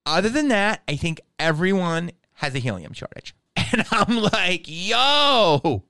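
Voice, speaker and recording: Profane, riffing comedian with a smooth voice. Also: male voice, high voice, animated, normal speed, pushed and bright, no room sound. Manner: slips in impressions. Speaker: comedian and podcast host. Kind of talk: comedic podcast monologue.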